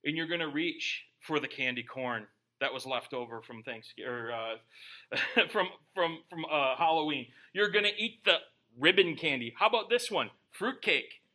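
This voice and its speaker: Bright, high-voiced joking male pastor. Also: expressive, moderate pace, rough recording. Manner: joking, conversational asides between readings. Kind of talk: sermon with scripture reading. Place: church before a live congregation.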